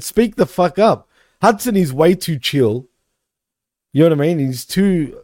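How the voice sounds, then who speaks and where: A man on a wrestling podcast with a mellow, slightly high voice. He is blunt and easily exasperated, laughing as he talks. The sound is dry and close. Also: no room sound. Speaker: podcast co-host. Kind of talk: casual wrestling chat.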